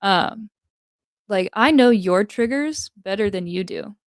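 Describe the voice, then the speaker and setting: A woman's voice: mid-range voice, animated, takes it slowly, no echo, clean studio sound. A young woman talking thoughtfully in a casual, heartfelt conversation, with many fillers. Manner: thoughtful, filler-heavy, reflective. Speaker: guest, host's daughter.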